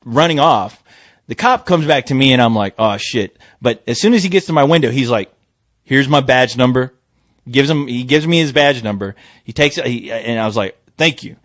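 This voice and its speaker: A man's voice: mid-range voice, no room sound. Guy on a podcast swearing his way through a story, voice jumps all over, kinda dull dry sound. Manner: profane, animated, acts out quoted voices. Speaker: podcast host. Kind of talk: casual storytelling chat.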